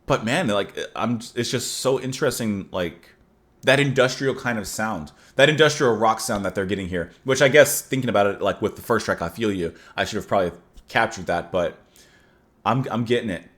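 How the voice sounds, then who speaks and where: A man's voice: on the low side, normal speed, fairly bright tone. A man hosting a casual music reaction, thinking aloud enthusiastically with many fillers and restarts, and reading song lyrics aloud with feeling.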